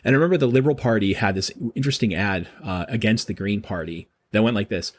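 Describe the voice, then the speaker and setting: A middle-aged man, a professor being interviewed, explaining in a quick, animated way with frequent restarts. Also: on the low side. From Boston. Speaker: guest professor. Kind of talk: casual interview talk.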